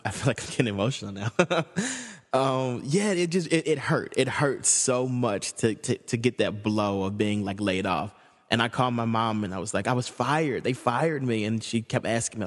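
Young man, candid storyteller with a slightly low voice, chatty and full of fillers, recorded with a lingering echo. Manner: casual, filler-heavy, emotional in places. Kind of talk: personal storytelling.

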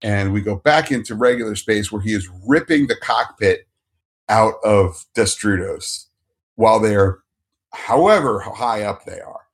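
A man co-hosting a podcast from home, recapping a TV episode in a relaxed, animated way. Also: fairly low pitch, unhurried. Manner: animated recapping, acts out quotes. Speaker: podcast co-host. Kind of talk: casual chat.

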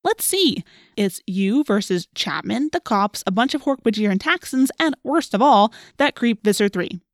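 A woman's voice: medium pitch, a little fast, darkish tone, no echo, studio quality, natural voice. Sarcastic teenage boy, wisecracking, voiced by a woman narrator, storybook read. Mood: mocking.

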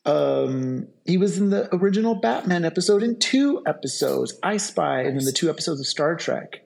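A man with a fairly high voice chats on a podcast. He reads out actor trivia with enthusiasm, laughing along with his co-hosts. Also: lively intonation, moderate pace, gravelly, a little mellow. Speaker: podcast co-host. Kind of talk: casual podcast chat.

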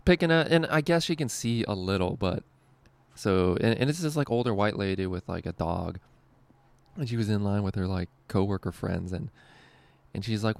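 Man, low gravelly voice, rambling profane storytelling, dry close sound. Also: expressive, moderate pace, dry recording. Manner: rambling, profane, laughs often. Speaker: screen printer telling a work story. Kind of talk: casual storytelling.

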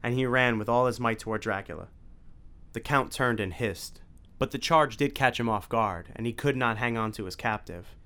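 A man's voice: medium pitch, moderate pace, sharp tone, clean tone. Man narrating an adventure audiobook.

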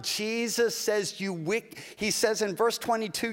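Male pastor, sermon, high voice, folksy and animated, long hall reverb. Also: normal speed, few pauses. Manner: folksy, animated preaching with acted-out asides. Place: church sanctuary.

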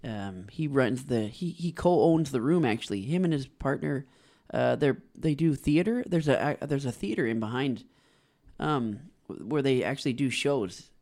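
A man's voice: medium pitch, normal speed, a little mellow. A young man from British Columbia, a comedian guest, chatting easily and agreeably and laughing often. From British Columbia, Canada. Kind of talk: casual chat.

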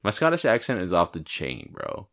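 A young man with a very deep, low-set voice chats loosely on a podcast. He rambles and swears freely, and tosses out jokes as he goes. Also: wildly swooping pitch, moderate pace, a bit bright. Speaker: podcast co-host. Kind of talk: casual chat.

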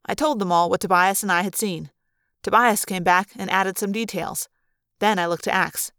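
A woman reading a novel aloud in lively first-person storytelling. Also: medium pitch, normal speed, smooth, dry recording, clean studio sound. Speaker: audiobook reader. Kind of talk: read-aloud fan narration.

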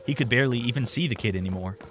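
A man narrating a story in a steady, plain storytelling manner. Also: medium pitch, rapid-fire, slight background noise.

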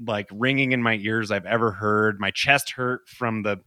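A man's voice: lowish voice, steady tone, moderate pace, sharp tone, dry recording, clean studio sound. Loose, profane young man telling a story. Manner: loose and profane, heavy use of "like". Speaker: podcast guest. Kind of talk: casual spoken storytelling.

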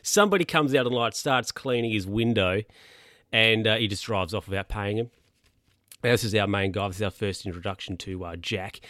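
A man's voice: fairly low pitch, brisk, sharp tone, no room sound, clean studio sound. A man casually recapping a film, rambling with lots of fillers and asides.

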